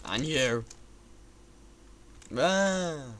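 A young man plays a platformer and vents throughout, his let's-play commentary full of constant swearing. He speaks extremely slowly in a slightly high, expressive voice, against heavy background noise and loud keyboard typing.

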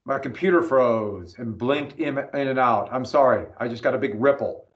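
A man's voice: mid-range voice, moderate pace. A male history teacher lecturing an online class from home, rambling and breaking off to check his connection. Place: home room. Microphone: computer mic on video call. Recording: echoey dull video call audio.

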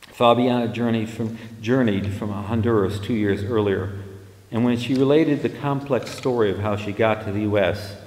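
Low-voiced man reading fiction in an echoey hall. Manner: measured, steady reading with small restarts. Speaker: author and writing teacher. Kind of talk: reading his fiction aloud.

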